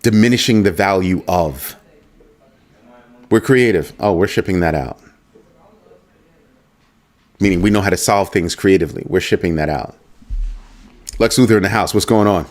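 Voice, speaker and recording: A very low-voiced American man hosts a casual livestream at a normal speed, with long pauses. He thinks aloud, poses one rhetorical question after another, and breaks off to read viewer chat.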